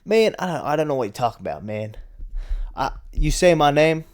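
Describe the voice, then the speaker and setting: A man putting on a cocky male fighter who talks in a lazy drawl, shrugging off everything said to him and promising to beat people up. The impression sits well above his own low voice and rattles along quickly. The tone stays smooth and clear throughout. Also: sing-song. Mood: mocking.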